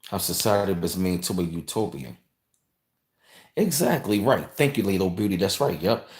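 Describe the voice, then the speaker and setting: Livestream host, male, lowish voice, loose rambling chat, roomy echo. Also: expressive, moderate pace, darkish tone. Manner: rambling, conversational, repeats phrases, reads and thanks viewers. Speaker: channel host reading live chat.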